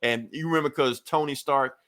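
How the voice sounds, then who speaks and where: A man's voice: mid-range voice, fairly quick, fairly bright tone. A man co-hosting a podcast, recapping a comic book in a loose, profane, laughing way. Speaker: podcast co-host.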